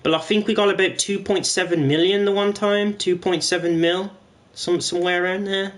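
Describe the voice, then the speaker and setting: A man's voice: high voice, fairly even intonation, normal speed. A man chatting casually to viewers while streaming a game, rambling and swearing now and then. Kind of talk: casual gaming stream commentary.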